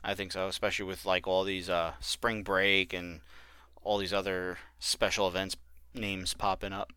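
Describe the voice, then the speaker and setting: A man's voice: low voice, level tone, moderate pace, pushed and bright, clear, resonant tone, no echo, studio quality. A man co-hosting a podcast, talking wrestling news in a matter-of-fact way. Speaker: podcast co-host. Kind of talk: casual wrestling chat.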